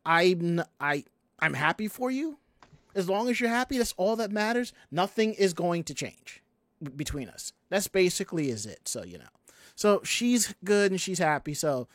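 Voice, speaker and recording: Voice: mid-range voice, very animated, moderate pace, no room sound. Podcast host; loose, rambling chat, dry close-mic read. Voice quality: rambling, many restarts. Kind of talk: casual chat.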